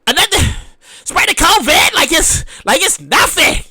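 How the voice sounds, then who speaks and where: A man's voice: very high-pitched, a little slow, dry recording. A man hosting a podcast, ranting in a casual, profane way and mimicking other people as he talks. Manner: animated, profane, mimics partygoers. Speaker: podcast host.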